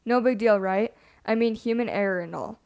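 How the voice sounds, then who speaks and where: Young woman reading creepy stories, hushed. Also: mid-range voice, moderate pace, creaky. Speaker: podcast co-host. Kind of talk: reading scary stories aloud and casual chat.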